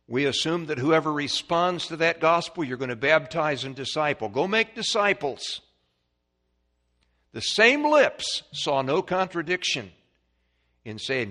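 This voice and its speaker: A man preaching a sermon, emphatic, swinging from quiet passages to shouted ones. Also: a little high, big pitch swings, unhurried.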